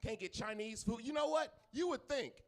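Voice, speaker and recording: A male stand-up comic on a club stage, rambling through gripes with a profane, chatty delivery. His voice sits fairly high. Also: normal speed. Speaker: stand-up comedian. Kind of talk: stand-up comedy set.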